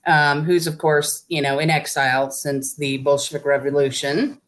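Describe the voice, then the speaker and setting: A woman's voice: low-pitched, flat delivery, moderate pace. A middle-aged woman, an actor guest in a casual interview, talking with dry, wry humor.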